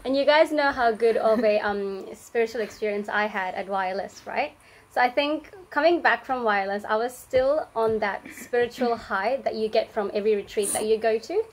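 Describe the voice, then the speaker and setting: A young woman with an Australian accent and a fairly high voice, speaking casually on a podcast. She reflects on her faith in an easygoing way, pausing often with small hesitations. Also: rough recording. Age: young adult. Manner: easygoing, reflective, frequent ums. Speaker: podcast co-host.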